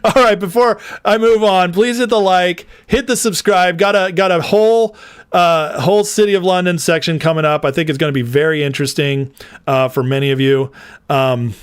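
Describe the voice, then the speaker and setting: A man's voice: fairly high pitch, fairly even intonation, normal speed, clean tone, no room sound. A man hosting a casual political commentary livestream, chatty and rambling, laughing often as he talks to his viewers.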